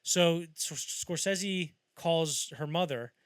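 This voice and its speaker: A man's voice: fairly high pitch, slow pace, clean tone, dry recording. A man hosting a podcast, chatting casually about film history and acting out anecdotes as he rambles along. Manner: rambling storyteller who acts out quotes. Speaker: podcast host.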